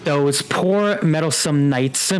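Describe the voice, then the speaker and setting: A man's voice: on the high side, slow, soft background music, low-quality recording. A man voicing a shadowy trickster god who speaks smugly and with menace.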